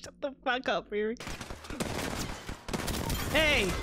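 Slow-talking, foul-mouthed young woman gamer. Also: fairly high pitch, over music. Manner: profane, excitable, laughs often. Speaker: gaming streamer. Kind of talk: casual gameplay commentary. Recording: gameplay audio with gunfire behind. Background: game gunfire.

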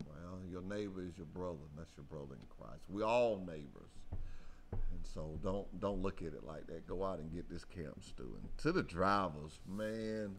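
A man hosting a local radio talk show, folksy and excitable, often repeating himself. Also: low voice, normal speed, a little hiss or hum.

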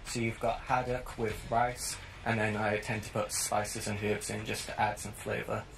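A man answering questions calmly as a contestant. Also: fairly low pitch, normal speed, vocal fry, a little hiss or hum, rough recording. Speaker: game show contestant. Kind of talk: casual game answers.

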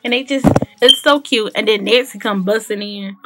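A woman's voice: mid-range voice, normal speed, loud music behind the voice. A woman giving a casual, opinionated recap of a TV episode as a voice-over for her gaming video, chatty, full of fillers and restarts.

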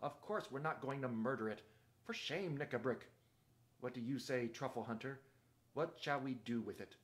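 A man's voice: medium pitch, normal speed, close to an everyday voice. A man voicing a good-hearted, blustering red-haired male dwarf who speaks in indignant exclamations.

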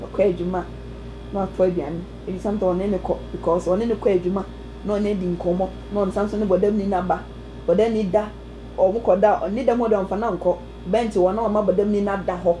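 A woman preaching an animated sermon, telling a testimony with sudden exclamations and snatches of song. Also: mid-range voice, brisk, slight background noise, rough recording. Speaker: prophetess preacher. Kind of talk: sermon testimony mixing Twi and English.

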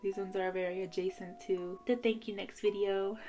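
A young woman vlogging a casual unboxing, bubbly and giggly, gushing with excitement as she goes. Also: medium pitch, normal speed, soft background music. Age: young adult.

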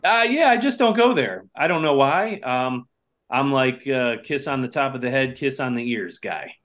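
A man's voice: mid-range voice, lively intonation, moderate pace, a bit bright. A man who drums in a band, answering podcast questions in a laid-back, hesitant way with lots of fillers. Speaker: drummer, podcast guest. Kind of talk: casual interview answers. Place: Hudson Valley, New York area home.

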